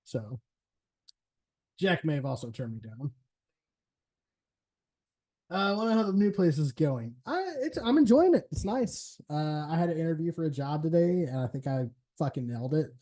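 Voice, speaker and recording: A man's voice: fairly high pitch, big pitch swings, normal speed, pauses often, warm tone. A man hosting a live stream, chatting casually and rambling, swearing freely and laughing often. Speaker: streamer host.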